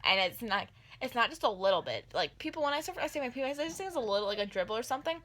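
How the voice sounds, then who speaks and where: Girl rambling through a storytime vlog, kinda high voice, super bright, says like a lot. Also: racing. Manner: rambling, filler-heavy, animated retelling. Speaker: vlogger telling a story.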